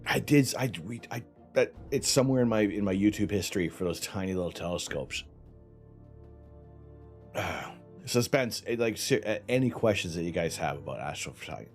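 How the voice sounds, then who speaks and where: A man's voice: fairly low pitch, animated, brisk, faint music behind. A man hosting a live stream in casual, rambling chat, his tongue and lips numb, often sighing. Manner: rambling, chatty, sighs often. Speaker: livestream host. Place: home setup during night imaging.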